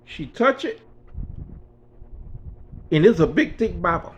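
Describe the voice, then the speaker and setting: A man's voice: high voice, expressive, slow, slightly rough, dull audio. A man in his sixties, an author, telling a spiritual story in an earnest, conversational way. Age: 60s.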